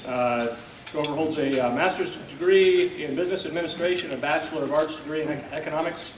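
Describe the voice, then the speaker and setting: A man's voice: fairly high pitch, fairly quick, background noise. A man hosting a policy luncheon, giving a plain, conversational introduction with frequent filler words. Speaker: event host introducing a speaker. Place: banquet hall at a lunch event. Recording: roomy, distant mic with clinking dishes.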